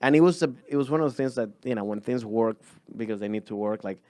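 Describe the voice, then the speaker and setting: A man's voice: mid-range voice, fast, mellow, dry recording. A young man from Venezuela, a comedian, chatting casually on a podcast and rambling with many restarts. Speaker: guest comedian.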